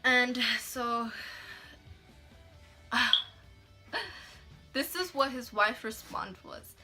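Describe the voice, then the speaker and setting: A young woman tells a story on her vlog in a casual, chatty way. She swears freely and says "like" constantly. Her voice sits a little high and sounds very bright and sharp, with faint music behind her. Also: lively intonation, very slow. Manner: mixes in Spanish words. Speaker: vlogger.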